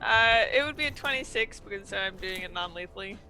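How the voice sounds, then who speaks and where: A man with a very bright voice talks hesitantly as he plays a tabletop game, full of pauses and fillers. Faint music plays behind him. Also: high-pitched. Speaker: player.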